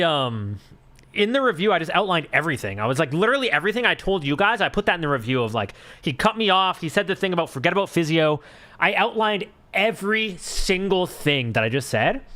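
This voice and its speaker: A man's voice: on the high side, a bit bright. A young man chatting casually on a live stream, telling a rambling story full of fillers and swearing.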